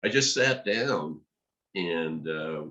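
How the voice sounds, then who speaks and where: A man, a podcast guest, telling a lively story and acting out the dialogue. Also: low-pitched, slow pace, muffled recording. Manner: animated storyteller, acts out quoted dialogue. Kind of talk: storytelling in conversation.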